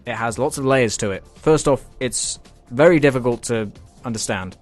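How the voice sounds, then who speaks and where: A man's voice: mid-range voice, moderate pace, soft background music. A British man reading out viewer comments and answering them in a sarcastic, swearing comedy rant. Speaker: YouTuber reacting to comments.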